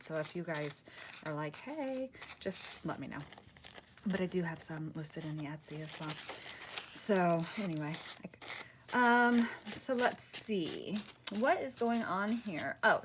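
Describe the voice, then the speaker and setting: A woman's voice: on the low side, slight background noise. A woman crafting at her table and chatting casually to her viewers, rambling, cutting herself off and laughing often. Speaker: crafting vlogger. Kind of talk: casual chat while crafting.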